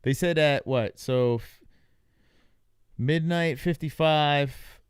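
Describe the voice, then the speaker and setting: A man's voice: fairly high pitch, takes it slowly. A young man hosting a live stream, reacting to results in loose, joking chatter and talking to his chat. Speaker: livestream host. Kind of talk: casual live reaction commentary.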